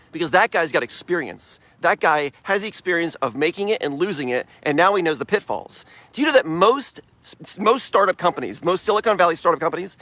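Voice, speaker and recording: A man's voice: a little high, bright, forceful tone, no room sound. Upbeat emphatic motivational speaker man. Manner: upbeat, emphatic, laughs often. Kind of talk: motivational talk.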